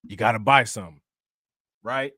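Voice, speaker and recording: A man's voice: on the low side, measured pace, bright, forceful tone, dry recording, studio quality. A man hosting a crypto livestream in casual chat, joking, laughing and slangy. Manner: joking, laughing, slangy, repeats "you know what I'm saying".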